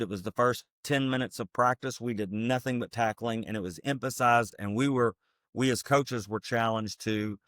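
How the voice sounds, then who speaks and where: A man's voice: medium pitch, a bit bright, no echo, clean studio sound. A man, a former football coach co-hosting a podcast, breaking down defense in an earnest, emphatic, coach-like way. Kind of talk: casual football analysis chat.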